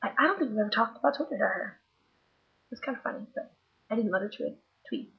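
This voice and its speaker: A woman's voice: on the high side, expressive, fast, vocal fry, lo-fi sound. A woman working as a nanny, chatting wryly in a vlog about her day, worn out and tired. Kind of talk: casual vlog storytelling.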